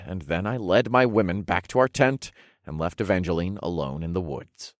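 A man narrating a first-person audiobook story in a slow, deliberate way. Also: deep voice, no room sound, studio quality.

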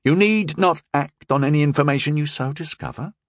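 A man's voice: fairly high pitch, a little fast, no room sound, studio quality, voice pushed up, close to an everyday voice. A man voicing a worldly, drily joking young knight in an audiobook reading. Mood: wry. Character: wry worldly young male knight-mage. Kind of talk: audiobook character voice.

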